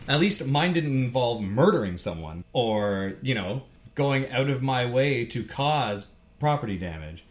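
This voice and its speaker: A man's voice: medium pitch, lively intonation, a little slow. A man co-hosting a casual podcast, ranting heatedly and swearing freely. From Canada. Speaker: podcast co-host.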